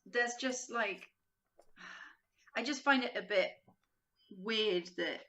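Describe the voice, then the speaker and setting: Young woman guest on a podcast, bright voice, chatty, laughs a lot and acts out what people said. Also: a little high, slow. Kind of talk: casual podcast chat.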